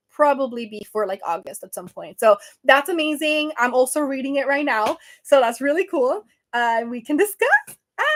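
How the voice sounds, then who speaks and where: A woman hosting a casual livestream from her phone, chatty and flustered, laughing often. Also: sits high. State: sweating and flustered. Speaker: livestream host.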